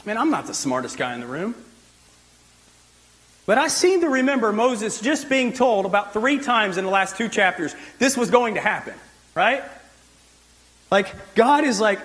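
High-pitched male pastor, casual sermon delivery, relaxed conversational preaching. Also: normal speed, rough recording. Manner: conversational preaching with frequent "like" and restarts.

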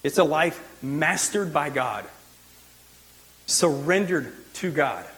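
High-pitched male pastor, casual sermon delivery, relaxed conversational preaching. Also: slow pace, low-quality recording. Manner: conversational preaching with frequent "like" and restarts.

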